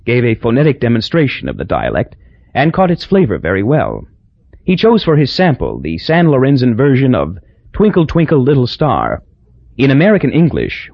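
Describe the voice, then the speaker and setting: A man with a husky, gravelly voice narrating an audiobook in a wry, measured way. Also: medium pitch, no room sound. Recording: dull lo-fi dry audio.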